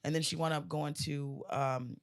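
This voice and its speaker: A woman in her forties, a comedian guest, telling a long joke in casual podcast chat, animated and laughing often. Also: sits low, normal speed. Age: 40s. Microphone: studio mic.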